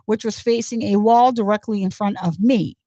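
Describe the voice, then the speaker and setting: A woman's voice: medium pitch, steady tone, normal speed, warm tone, no echo, close to an everyday voice. A woman reading the lines of a male witness in court, recounting events with plain, hesitant speech. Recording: dull lo-fi, dry.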